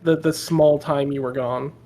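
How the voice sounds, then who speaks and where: Player in a tabletop game, lots of likes and ums, mid pitch. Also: fairly even intonation, warm tone, faint music behind. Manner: halting, filler-heavy descriptions.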